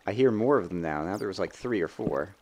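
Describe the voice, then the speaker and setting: Young guy doing game commentary, lowish voice, rambly and chatty, faint hiss behind. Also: brisk. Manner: chatty, thinks aloud, bursts of excitement. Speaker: let's play host. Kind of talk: gameplay commentary.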